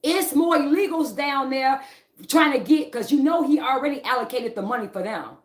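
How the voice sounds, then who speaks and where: A fired-up woman rants live to her viewers, looping back over her points and calling out to them as y'all. Her voice sits a little high, and the room around her rings with echo. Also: moderate pace. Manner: agitated, repetitive, addresses viewers as y'all. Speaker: online fitness and politics vlogger. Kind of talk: casual heated livestream rant. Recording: roomy echo.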